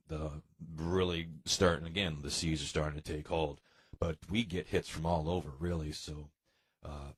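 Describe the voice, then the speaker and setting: A relaxed American man talks about his music in a casual interview. His voice sits extremely low with a husky edge, and he drifts through fillers and sighs as he goes. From New York, United States. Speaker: guest musician.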